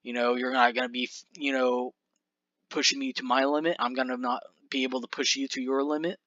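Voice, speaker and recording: Man doing a fed-up wrestler griping at his partner, bright-edged tone, dry and slightly muffled. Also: medium pitch, level tone, brisk, no room sound, lightly acted. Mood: bitter. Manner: aggrieved, ranting.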